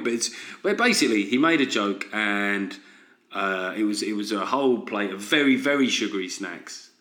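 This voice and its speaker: A man's voice: on the low side, fairly bright tone. A man hosting a solo comedy podcast, ranting sardonically and tossing in frequent "right?" asides. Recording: roomy echo.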